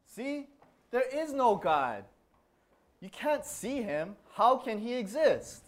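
A man's voice: extremely high pitch, big pitch swings, takes it slowly, exaggerated voice. A man playing a defiant, scoffing schoolboy with a dismissive manner. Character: defiant unbelieving male schoolboy.

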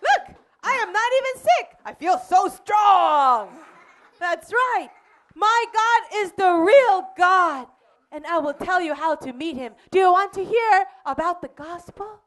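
A woman playing a bold, cheerful male missionary in a children's church skit, animated and playful. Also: very high-pitched, measured pace, pitched above the performer's own voice, full character voice. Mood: triumphant.

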